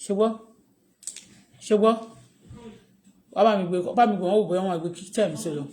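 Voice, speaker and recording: A woman's voice: medium pitch, fast talker, dark tone, slight background noise, poor audio. A woman with a Nigerian Yoruba accent, chatting casually on a live stream and switching between English and Yoruba with chuckling asides. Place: home in Canada.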